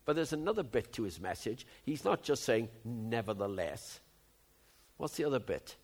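A man in his seventies preaching a sermon, moving from low musing to loud, emphatic outbursts. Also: very animated, normal speed. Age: 70s.

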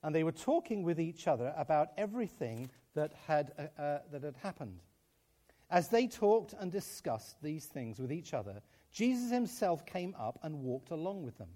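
A man's voice: fairly high pitch, sing-song, moderate pace, mellow. A man preaching a sermon, telling stories with acted-out dialogue and laughing often as he speaks. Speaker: pastor.

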